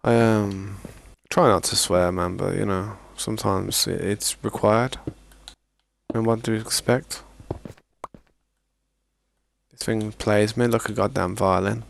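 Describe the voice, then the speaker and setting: Gravelly low-voiced man. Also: fairly even intonation, slow pace, pauses often, a little hiss or hum. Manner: rambling, laid-back, slangy. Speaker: gaming streamer. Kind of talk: casual gameplay chat.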